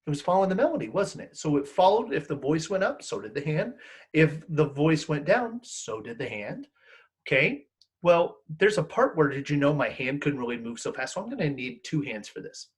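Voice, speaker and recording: Animated male elementary music teacher, high and very expressive voice, coaxing kids to sing along. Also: normal speed, slightly rough. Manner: animated, encouraging, sings call-and-response songs. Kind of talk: online music lesson for children.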